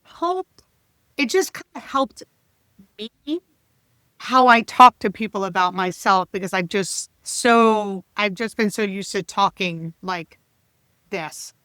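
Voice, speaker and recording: A woman's voice: mid-range voice, takes it slowly, dry recording. A woman in her fifties, a leadership coach chatting animatedly as a podcast guest. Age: 50s. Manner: chatty and animated, with laughs and restarts. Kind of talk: casual podcast interview.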